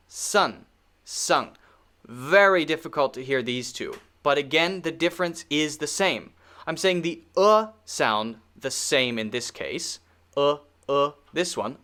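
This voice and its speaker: American accent pronunciation teacher, takes it real slow, says each sound over and over. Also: mid-range voice, fairly bright tone. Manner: slow, deliberate, repeats and models sounds. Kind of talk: pronunciation lesson.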